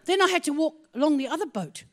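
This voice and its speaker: Animated high-voiced woman preaching. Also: fast. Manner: animated storytelling, swings from hushed to exclaiming. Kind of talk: sermon with personal story.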